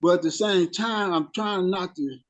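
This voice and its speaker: A man's voice: high-pitched, moderate pace. Stammering, heated middle-aged man. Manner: heated storytelling with stammered restarts. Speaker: formerly incarcerated group member. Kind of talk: support group sharing.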